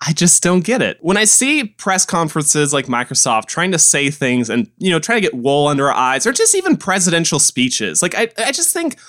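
Guy in his 20s venting on a podcast, super lively up-and-down voice, keeps asking how dumb do you think i am type stuff. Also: fairly high pitch, fairly quick, hardly any pauses. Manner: exasperated, animated, rhetorical questions. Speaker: podcast co-host. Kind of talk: casual ranting chat.

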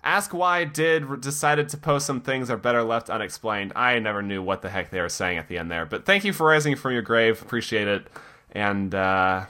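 A man co-hosting a podcast, reading listener comments aloud in a mock-dramatic voice and joking casually. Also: a little fast. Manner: animated, reads in a mock-dramatic low voice. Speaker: podcast co-host.

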